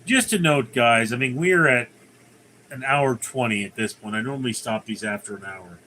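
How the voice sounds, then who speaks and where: A man's voice: medium pitch, moderate pace, pushed and bright, a little hiss or hum, poor audio. A man hosting a casual livestream, reading viewer comments aloud and answering them in a rambling, conversational way. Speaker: livestream host.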